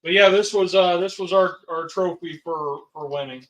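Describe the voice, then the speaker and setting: Chatting and rambling to viewers and family, a middle-aged man hosts a casual livestream as a home cook. His high, fairly bright voice moves at a moderate pace, and the recording comes through a dull, distant mic.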